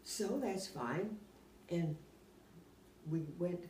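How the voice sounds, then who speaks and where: Older lady, lowish voice, rambling animated stories, kinda far from the mic in an echoey room. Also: drawn-out words. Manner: rambling, animated, often laughing while telling anecdotes. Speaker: oral history interviewee. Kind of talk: casual storytelling. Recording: roomy, distant mic, faint background hum.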